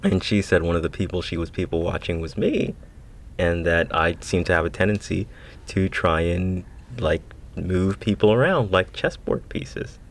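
Deep gravelly man, casual podcast chat. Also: moderate pace. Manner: playful, self-mocking, drops into a low growl for emphasis. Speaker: podcast co-host.

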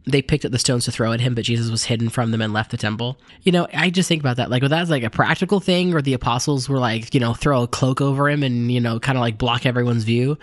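A man hosting a bible podcast, reading scripture and then reflecting in a relaxed, rambling way with many fillers. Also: medium pitch, fast, no room sound.

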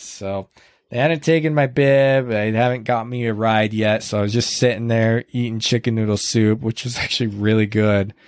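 A man casually retelling a hard race on a podcast, earnest and halting, with many restarts and quoted lines. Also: on the low side, darkish tone, dry recording, clean studio sound. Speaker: podcast host recounting a race. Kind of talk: casual storytelling chat.

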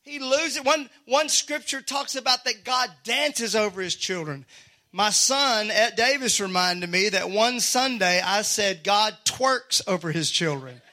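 A male pastor preaching to a congregation, his voice high and bright. He teases the crowd with playful asides and climbs into shouted emphasis as he drives his point home. The delivery is energetic sermon talk from a church stage. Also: unhurried.

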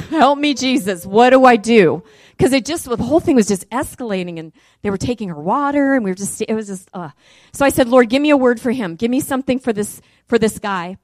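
A middle-aged woman preaching a sermon and telling a testimony, talking casually and then rising loud and high as the story peaks. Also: no echo, studio quality.

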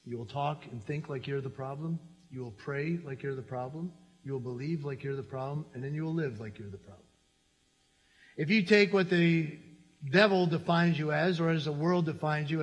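A man pastor preaching a sermon in an animated, conversational way, with lots of repetition, in a church. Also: on the high side, muffled recording. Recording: echoey hall reverb.

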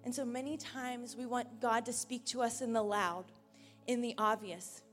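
A woman preaching a sermon earnestly on a church stage into a handheld mic, moving from raised emphasis down to a hushed near-whisper. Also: on the high side, steady tone, normal speed, big-room sound, soft background music.

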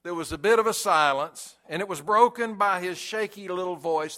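A male pastor giving a sermon, speaking deliberately with emphatic pauses. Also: high voice, pushed and bright.

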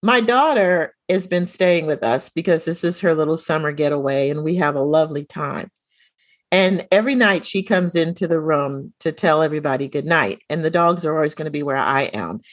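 Animated middle-aged woman telling a story. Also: low voice, a little fast, dry recording. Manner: animated storyteller, acts out quoted dialogue. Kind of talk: casual chat, storytelling.

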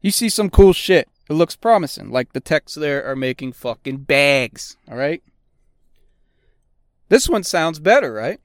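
A man's voice: a little high, big pitch swings, unhurried, dry recording, studio quality. A middle-aged man hosting a podcast, talking bluntly and swearing constantly in a casual monologue. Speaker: podcast host; auto technician.

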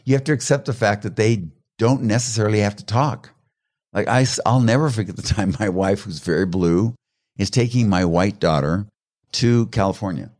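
A deep-voiced, middle-aged man appears as a guest expert on personality colors, explaining conversationally through anecdotes at normal speed. He's an animated storyteller who acts out quoted voices and laughs while telling stories.

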